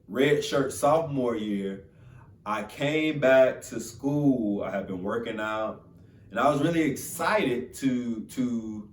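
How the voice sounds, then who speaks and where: A young man from Florida telling a motivational story in an animated, casual, conversational way. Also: mid-range voice. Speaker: motivational speaker. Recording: roomy sound from a distant mic.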